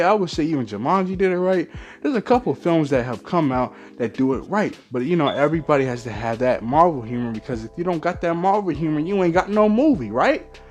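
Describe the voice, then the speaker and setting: A man ranting in a movie review vlog, profane and exasperated, often mimicking lines in mock quotes. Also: a little high.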